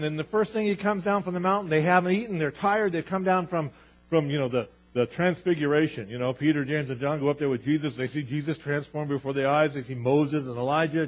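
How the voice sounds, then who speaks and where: A man's voice: fairly high pitch, fairly even intonation, fairly quick, dull audio. A man preaching a sermon as pastor, emphatic, acting out Bible voices as he tells the stories.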